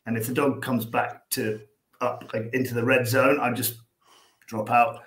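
Here the Irish-accented guest, a dog behaviour coach, talks at a moderate pace in a medium-pitched, level voice, the room giving off an echo. His casual podcast talk wanders, tripping on repeated words as he acts out small scenes.

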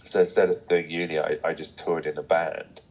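Deep husky English man with London accent. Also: brisk, rough recording. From England, Sussex. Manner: relaxed, rambling, many restarts and laughs. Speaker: stream guest, musician. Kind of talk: casual chat.

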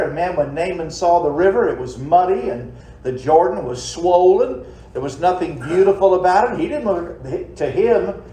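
A man preaching in a church sanctuary, folksy and conversational, throwing rhetorical questions at his congregation. His voice sits a little high but sounds mellow and warm. The room rings around him with a roomy echo. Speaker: pastor. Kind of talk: sermon.

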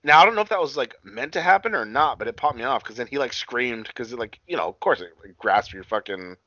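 A man's voice: medium pitch, expressive, fast talker, sharp tone, no echo, lo-fi sound. Rambling, profane man recapping casually. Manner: rambling, profane, lots of fillers and restarts. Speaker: podcast co-host recapping wrestling. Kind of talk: casual chat.

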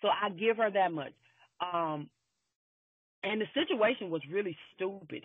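A man's voice: high voice, dry recording. A man telling a workplace story in casual chat, emphatic and swearing freely, often repeating his phrases. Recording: tinny phone-like line.

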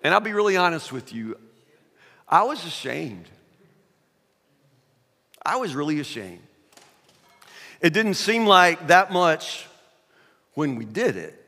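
A man's voice: on the high side, fairly bright tone. An older man preaching a sermon, telling a humorous personal story in a chatty, self-deprecating way. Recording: echoey hall.

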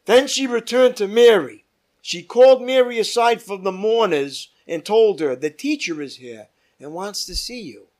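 A man leading a Bible study as pastor, reading scripture aloud with emphatic rises and dropping to quiet asides. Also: high voice, expressive, moderate pace.

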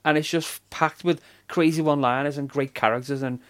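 A man's voice: a little high, steady tone, fairly quick, a bit bright. A man, chatting casually as a podcast co-host, laughing a lot and acting out quoted lines. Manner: enthusiastic, laughing storyteller. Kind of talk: casual chat.

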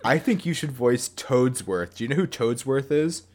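A man co-hosting a podcast in animated, joking casual chat. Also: mid-range voice. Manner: animated, joking, quick to laugh. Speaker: podcast co-host.

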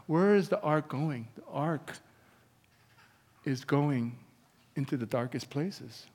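A man preaching a sermon as pastor, energetic and emphatic, with casual asides to the congregation. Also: medium pitch, measured pace. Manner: energetic preaching, rising to loud emphatic peaks; conversational asides with chuckles to the congregation. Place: church sanctuary. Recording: long reverb of a church hall.

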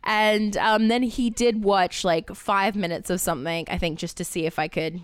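Chatty young Australian woman, smooth voice. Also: mid-range voice, steady tone, moderate pace, no room sound. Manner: chatty storyteller, quotes others, laughs often. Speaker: actress, interview guest. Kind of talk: casual interview chat.

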